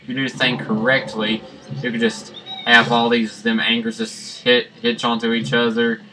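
A man giving rambling, jokey let's-play commentary that breaks into sudden excited yelps. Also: medium pitch, moderate pace, rough recording. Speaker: gaming channel host. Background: game music.

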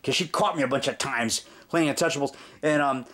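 A filmmaker rambling in a casual home vlog, chuckling and acting out memories. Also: male voice, medium pitch, fairly quick, fairly bright tone. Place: house basement.

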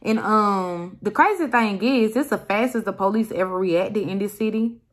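A young woman vlogger telling a storytime story in an animated, emphatic way. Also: medium pitch, normal speed. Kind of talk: casual storytime.

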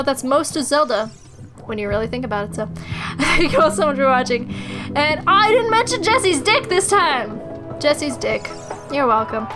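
A woman's voice: fairly high pitch, poor audio. A young woman hosting a casual let's-play, joking crudely and giggling often. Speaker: gameplay host. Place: small home recording room.

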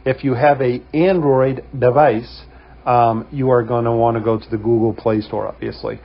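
Brief: male host, New England accent, husky voice, casual tutorial delivery, dull lo-fi sound. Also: mid-range voice, normal speed. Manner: relaxed, many "um" fillers. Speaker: host of a security camera company channel.

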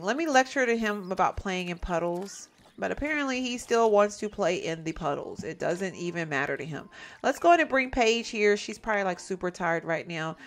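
A woman's voice: mid-range voice, animated, normal speed. A woman giving casual let's-play commentary, chatty and exasperated, often talking to her viewers as "y'all". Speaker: gameplay commentator.

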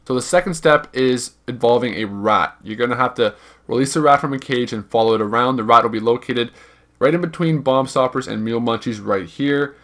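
A man's voice: mid-range voice, a little fast, fairly bright tone. Young man rambling through a game walkthrough. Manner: rambling and informal, hedges numbers, repeats himself. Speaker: gaming video guide creator. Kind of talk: casual gameplay walkthrough narration.

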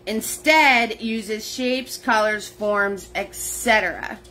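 Slow, chatty woman hosting a paint class. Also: fairly high pitch, pushed and bright, a little hiss or hum, low-quality recording. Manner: chatty, greets viewers by name, laughs often. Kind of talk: live-streamed painting lesson.

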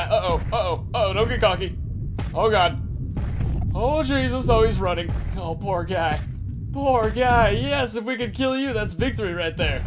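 Excitable young man with high voice. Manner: excitable, swearing, frantic outbursts. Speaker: gameplay commentator. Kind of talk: casual let's-play commentary.

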